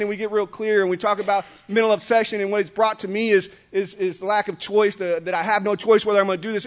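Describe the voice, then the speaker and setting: Animated high-voiced man sharing. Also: slight background noise. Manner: street-slang, animated storytelling with laughs. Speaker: recovery speaker. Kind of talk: recovery meeting share. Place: meeting room with audience.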